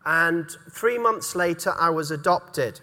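Middle-aged northeast pastor preaching, high-pitched and earnest, big echoey church hall. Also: male voice, takes it slowly, bright, forceful tone. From North East England. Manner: earnest, repeats key words for emphasis. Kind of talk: sermon.

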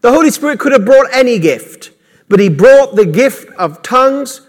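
Male pastor preaching emphatically; high voice, church hall with long reverb. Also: lively intonation, normal speed. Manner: emphatic preaching, repeats words, shifts loudness often. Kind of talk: sermon.

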